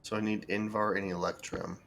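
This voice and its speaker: A man with a low, gravelly voice talks through his game while he plays, thinking aloud with plenty of ums and restarts. His commentary is easygoing and unscripted. A faint hiss of noise sits under the voice. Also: level tone, fairly quick, fairly bright tone. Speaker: game streamer. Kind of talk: casual gameplay commentary.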